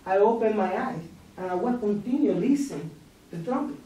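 Spanish-speaking man, halting English, echoey room. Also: high-pitched, lively intonation, dark tone, dull audio. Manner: halting broken English with restarts and small laughs. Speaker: meditation leader. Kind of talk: personal spiritual testimony. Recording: roomy echo, distant mic, faint noise.

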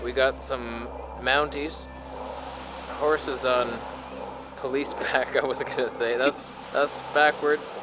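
A man's voice: medium pitch, steady tone, takes it slowly, background noise. Joking man vlogging outdoors. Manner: playful, self-mocking banter with mock narration. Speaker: camera reviewer and vlogger. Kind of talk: joking outdoor vlog chat. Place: outdoors at a beach ridge.

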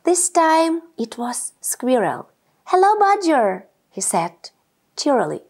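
High-voiced woman reading a kids' story aloud, slow and expressive. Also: husky. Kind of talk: children's read-aloud narration.

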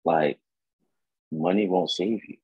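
A man talking as a guest in a casual chat, relaxed and reflective, with plenty of ums. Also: sits low, slow pace, slightly rough, dry recording. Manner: relaxed, reflective, with many fillers. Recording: dull, dry close recording.

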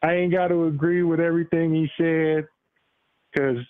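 A man calling into a show, telling his take in an animated way and laughing through his lines over a phone line. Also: fairly high pitch, normal speed. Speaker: caller. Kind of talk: casual call-in chat. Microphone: phone call.

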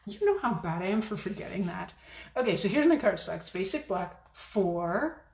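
A chatty woman demonstrating card making in a casual crafting video, talking fast and poking fun at her own forgetfulness. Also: medium pitch, lively intonation, darkish tone. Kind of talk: casual crafting tutorial chat. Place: home craft room. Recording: echoey room.

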